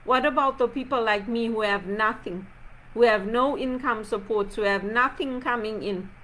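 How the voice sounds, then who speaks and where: A Zimbabwean woman, a video blogger with a fairly high, slightly bright voice, delivers an impassioned, aggrieved reflection at normal speed. She fires off rhetorical questions one after another in a pointed, insistent tone. The audio is poor, with slight background noise.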